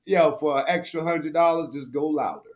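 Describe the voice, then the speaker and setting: Male stream host, slightly high voice, crude, mocking, slangy rambling reactions. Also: normal speed, a little hiss or hum. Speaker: live-stream commentator. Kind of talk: profane reaction commentary.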